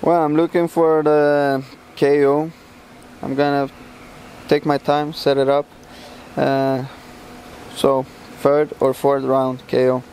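A man from Sweden, a professional fighter, answering interview questions casually in English, halting with many fillers and restarts. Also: mid-range voice, little pitch movement, a little mellow, a little hiss or hum. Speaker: MMA fighter, champion.

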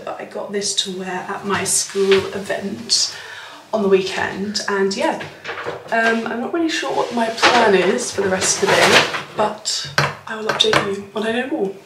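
A woman's voice: mid-range voice, heavy background noise. A young woman, chatting casually and upbeat to camera in a vlog, with "like" in many sentences. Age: young adult. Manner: chatty and upbeat, says "like" often. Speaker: vlogger. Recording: background music under the voice.

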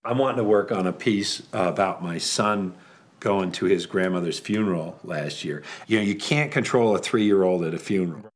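A man's voice: deep voice, normal speed. A man chatting in an interview and telling a family anecdote. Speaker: comedian. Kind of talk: interview chat.

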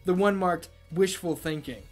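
A man voicing a firm, sharp-tongued female mercenary who delivers cool, mocking put-downs. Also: sits high, moderate pace, faint music behind. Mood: scornful.

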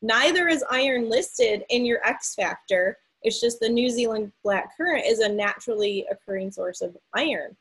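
Breathy thirties woman hosting, animated storytelling, lots of likes. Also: a little high, moderate pace, few pauses, poor audio. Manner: animated storyteller, many likes, acts out quotes. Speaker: host. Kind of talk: casual storytelling chat.

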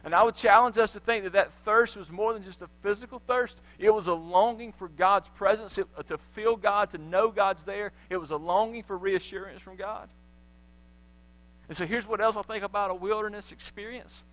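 A man preaches in church, retelling the story with energy and slipping into the voices of its people. His voice sits high and rings bright. A faint electrical hum runs under the recording. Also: moderate pace, poor audio. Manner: animated storytelling, acting out voices of biblical figures. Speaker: pastor. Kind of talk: sermon. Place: church sanctuary.

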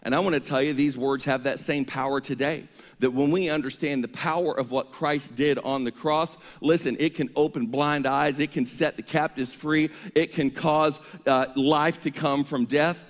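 A male pastor preaching an energetic sermon, leading the congregation in call-and-response. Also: on the high side, moderate pace. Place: church sanctuary. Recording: long reverb of a church hall.

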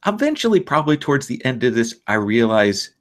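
A man's voice: medium pitch, very animated, fast. A man playing a tabletop role-playing game, stammering and wry. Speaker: player.

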